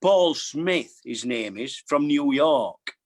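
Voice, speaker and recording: A man's voice: medium pitch, animated, slow. An older man with a Yorkshire accent, a guest barber telling stories in a jokey, boastful way and repeating himself. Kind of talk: casual storytelling.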